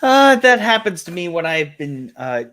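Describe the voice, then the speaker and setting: A man's voice: high voice, sing-song, normal speed, a loud crowd. A man chatting on a live stream panel, hesitant and dry, joking at his own expense. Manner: hesitant, many fillers, dry self-mocking. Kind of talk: casual chat.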